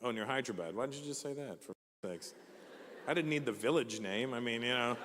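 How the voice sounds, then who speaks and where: A man's voice: mid-range voice, fast, fairly bright tone, in a large hall, slight background noise. A male stand-up comedian from Canada doing crowd work on stage, firing teasing, profane questions at the audience.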